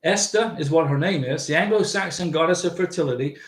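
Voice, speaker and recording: A man's voice: fairly high pitch, brisk, roomy sound. A man hosting a casual livestream, rambling and answering viewers' chat comments. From United States. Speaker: livestream host.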